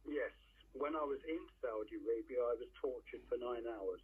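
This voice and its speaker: A man's voice: medium pitch, normal speed, slightly rough. A middle-aged man from England calling in to a phone-in show, talking in long, rambling stretches and searching for words. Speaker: caller. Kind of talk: phone-in call. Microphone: telephone. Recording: tinny phone line.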